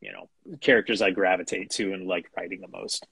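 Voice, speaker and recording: A man's voice: low voice, steady tone, fairly quick, vocal fry, a bit bright, slightly rough, dry recording. A middle-aged man, a guest animation writer, chatting casually in an interview with many restarts, fillers and small chuckles.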